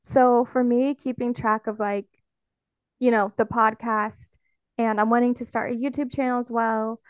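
Encouraging woman host, slightly high voice. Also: little pitch movement, measured pace, clear, resonant tone, no echo, clean studio sound. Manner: warm, encouraging, speaks to listeners directly. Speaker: podcast host. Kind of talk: casual chat.

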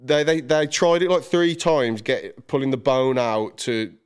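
A man telling an animated story as a podcast guest, swearing and laughing as he goes. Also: mid-range voice, unhurried, smooth. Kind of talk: casual chat, storytelling.

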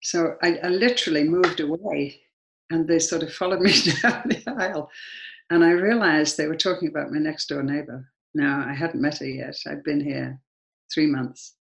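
A woman's voice: low voice, moderate pace, gravelly, low-quality recording. A woman with an English accent, a guest sharing a personal story earnestly and then leading a prayer. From England.

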